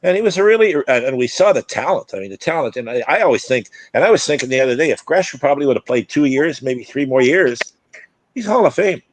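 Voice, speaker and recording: An older former player and broadcaster telling stories in a rambling way, restarting sentences and acting out quotes. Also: male voice, mid-range voice, animated, fast, no echo. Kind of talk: casual storytelling chat.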